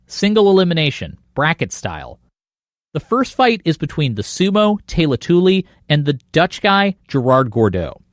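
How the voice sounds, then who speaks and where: A man narrating a documentary podcast in a lively storytelling cadence. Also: fairly high pitch, moderate pace, no room sound, studio quality. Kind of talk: scripted narration.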